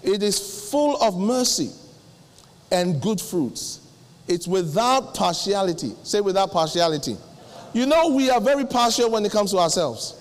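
A middle-aged male pastor preaching, acting out little dialogues with sudden jumps in pitch. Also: big pitch swings, a little slow. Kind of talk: sermon. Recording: long hall reverb.

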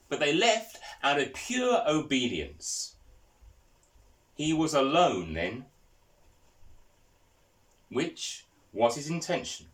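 Speaking in a fairly bright, mid-range voice, this man preaches, sharing stories and directing questions at the congregation.

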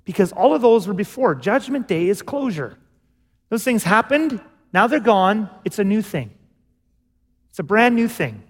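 A man preaching a sermon as pastor, in an animated, conversational way with acted asides. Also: sits high, normal speed, long reverb tail. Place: church sanctuary.

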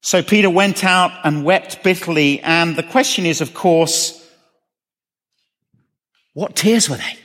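A man's voice: a little high, takes it slowly, long pauses, a bit bright. A man preaching a sermon, earnestly asking questions and repeating phrases for emphasis. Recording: long reverb of a hall.

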